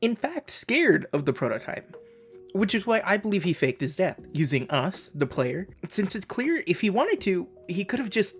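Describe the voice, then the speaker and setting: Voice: medium pitch, very animated, moderate pace, faint music behind. A channel host casually explaining a game theory, with joking, self-deprecating asides and rambling tangents.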